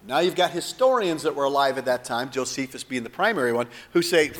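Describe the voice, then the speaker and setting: A man's voice: fairly high pitch, expressive, quick pace, hardly any pauses, in a large hall. A male preacher delivering a sermon in a dramatic, emphatic way, often putting questions to his listeners.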